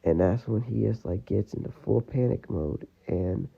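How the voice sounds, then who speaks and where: Gravelly low man rambling a story. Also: normal speed. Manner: rambling, full of "you know" and "like". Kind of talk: casual storytelling. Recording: tinny phone-like audio.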